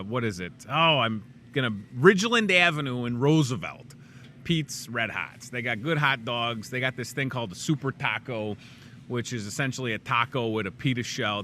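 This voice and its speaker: Bright-voiced chatty male talk show host. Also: medium pitch, slight background noise. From Chicago suburbs, USA. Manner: rambling and jokey, chatty asides. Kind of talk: casual live talk show chat. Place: inside a grocery store.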